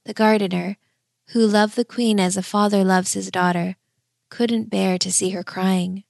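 Lady reading a kids story, slightly gravelly, super dry close sound. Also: medium pitch, fairly even intonation, dry recording. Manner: gentle, measured. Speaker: narrator. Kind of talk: storybook narration.

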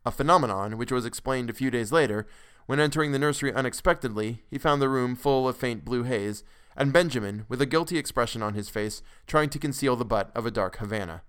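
Smooth-voiced male story narrator. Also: medium pitch. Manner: measured, expressive delivery. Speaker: podcast host and narrator. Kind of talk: dramatic storytelling reading.

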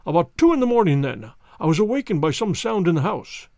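A man reading a classic story aloud as audiobook narration, in a lively, dramatic manner. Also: sits high, quick pace, creaky, no echo, studio quality. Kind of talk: audiobook narration with character voices.

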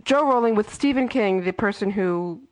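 A woman's voice: medium pitch, normal speed, a little mellow, no room sound. A woman co-hosting a fan podcast, chatting eagerly and gushing about news. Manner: enthusiastic, gushing. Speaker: podcast co-host. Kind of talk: casual chat.

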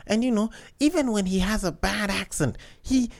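A man putting on a high, dreamy straying wife. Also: normal speed, gravelly. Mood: smitten. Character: sulky unfaithful white wife, young woman.

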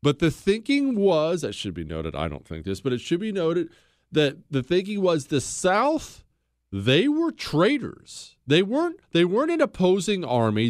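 A man with a high voice hosts a podcast, recounting history bluntly and with strong opinions, mocking people and acting out quotes. The studio-quality recording has no echo.

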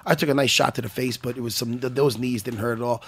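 A man hosting a podcast as a former fighter, in casual chat that is loud, profane and teasing. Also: mid-range voice, steady tone, quick pace, husky.

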